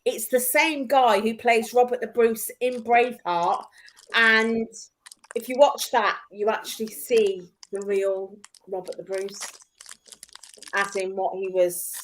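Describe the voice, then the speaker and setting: Slow-talking woman from England. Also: on the high side, steady tone, slight background noise. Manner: chatty, laughs often, rambling asides. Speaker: panel guest. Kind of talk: casual chat.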